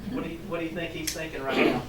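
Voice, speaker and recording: Heavy background noise surrounds a teacher trainer with a fairly high pitch who reads a picture book to children very fast. Animated and chuckling, he stops to put questions to them. The room is echoey, the mic distant, and there's faint ambience.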